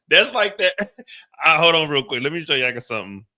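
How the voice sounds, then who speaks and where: Male live-stream host, loose and profane, laughs a lot; bright, forward voice. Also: on the high side, very animated, moderate pace. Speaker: streamer reacting to a show. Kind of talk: casual live reaction stream.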